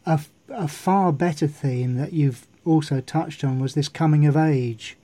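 A man's voice: fairly high pitch, unhurried, warm tone. A man co-hosting a podcast, chatting with a dry, teasing wit. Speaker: podcast co-host. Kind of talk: casual review chat.

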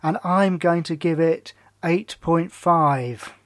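A man's voice: on the high side, slow. A man co-hosting a podcast in casual chat, dry and upbeat in manner. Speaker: podcast co-host.

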